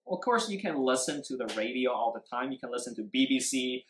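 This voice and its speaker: An English speaking teacher runs a live-streamed speaking lesson, emphatically demonstrating stress and intonation with examples and dipping briefly into Mandarin for explanations. The voice is medium-pitched, animated, and fairly quick, with a roomy echo and slight background noise.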